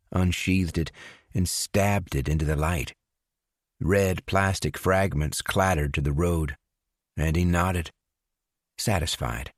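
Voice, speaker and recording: A man reading a dark thriller audiobook in a measured, unhurried way, giving the characters their own voices. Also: low-pitched, no room sound, clean studio sound. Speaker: audiobook narrator. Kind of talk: scripted narration.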